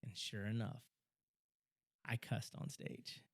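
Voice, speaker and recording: A young man co-hosting a podcast, telling a story in a casual chat, talking fast and excitedly, stumbling over and repeating words. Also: fairly low pitch, vocal fry. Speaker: podcast co-host.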